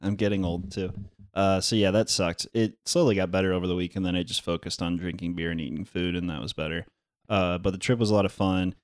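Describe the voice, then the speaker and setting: A man's voice: low-pitched, fairly even intonation, quick pace, no echo, clean studio sound. A man co-hosting a podcast, telling a rambling story in casual chat. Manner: laid-back, rambling storyteller. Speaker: podcast co-host.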